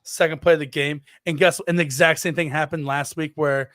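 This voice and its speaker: A man in his thirties co-hosting a podcast, telling stories in an animated way, acting out quotes and swearing freely. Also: a little high, brisk, dry recording, clean studio sound. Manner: animated storytelling, acts out quotes in exaggerated voices, swears freely. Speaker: podcast co-host. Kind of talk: casual chat.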